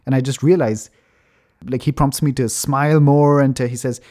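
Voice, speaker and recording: Casual male storyteller, mellow tone, laid-back and self-mocking, drops the odd swear. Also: medium pitch, fairly quick. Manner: relaxed, chatty, swears casually, laughs at himself. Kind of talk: casual anecdote.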